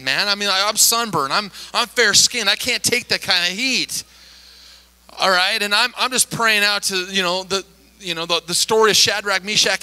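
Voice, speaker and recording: A middle-aged pastor tells a story to his congregation with plenty of animation. His voice sits high for a man and sounds very bright and forward. He slips into the voices of the people in the story as he goes. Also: rough recording. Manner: animated, acts out quoted voices. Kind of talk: storytelling sermon.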